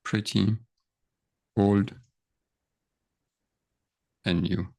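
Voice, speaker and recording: A man's voice: on the low side, level tone, extremely slow, vocal fry, mellow. A man teaching a grammar lesson over screen share, thinking aloud and checking in with frequent questions. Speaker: French teacher.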